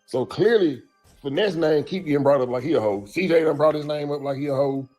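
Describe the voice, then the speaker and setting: A man's voice: a little high, fairly quick, darkish tone, soft background music. A man hosting casual commentary, rambling loosely with lots of conversational fillers. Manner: rambling, loose, lots of "bro" and "you know what I'm saying". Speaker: commentary host.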